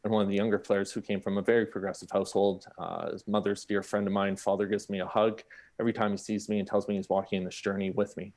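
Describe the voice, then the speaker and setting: His voice fairly low and his pace quick, a man on a panel recounts something from his own life with candor and energy, playing out each of the characters as he goes.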